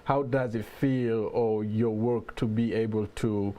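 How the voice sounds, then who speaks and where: Young male host, mellow and halting. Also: fairly low pitch, steady tone. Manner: halting, repeats words while he finds the question. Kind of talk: conversational interview.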